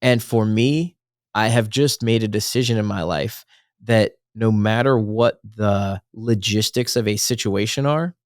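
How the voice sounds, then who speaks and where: In this studio-quality clip with no room sound, a podcast co-host speaks in a lowish voice at a measured pace. He's chatting casually on a faith podcast, earnest and meandering, fixing his own words as he goes.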